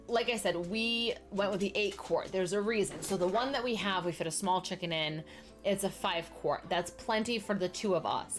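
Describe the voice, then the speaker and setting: A young adult woman streaming a life-sim game, chatting casually and talking straight to her viewers. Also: lowish voice. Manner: chatty, talks straight to the chat and answers viewers by name.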